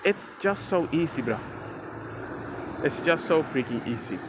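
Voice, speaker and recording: A man talks straight to his viewers in an emphatic, chatty way. His voice sits high and swoops all over the place. He sounds like a dad giving friendly advice to his audience. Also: a little slow, noisy background. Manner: animated, emphatic, chatty, addresses viewer as "bro". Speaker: father sharing parenting advice. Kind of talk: casual talk to camera.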